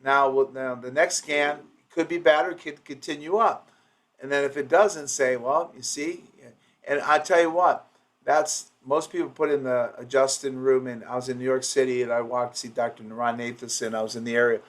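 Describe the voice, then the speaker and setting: A man's voice: medium pitch, fairly even intonation, a little fast. A man coaching office staff in an informal training session. He rambles with restarts and acts out patient quotes.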